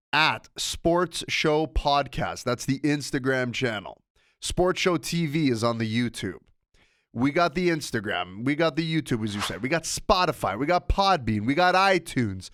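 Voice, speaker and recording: A man's voice: on the high side, fairly bright tone, dry recording, clean studio sound. A man hosting a sports podcast alone, talking in a rambling, self-interrupting, casual way. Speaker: podcast host. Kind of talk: casual solo podcast monologue.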